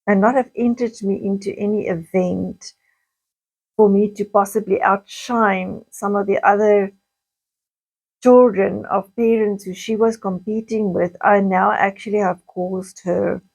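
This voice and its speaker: Middle-aged woman, unhurried hesitant personal storytelling, average pitch. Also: steady tone, creaky, a little mellow, husky, poor audio. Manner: slow, halting, with frequent restarts and pauses. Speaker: vlogger recounting childhood memories.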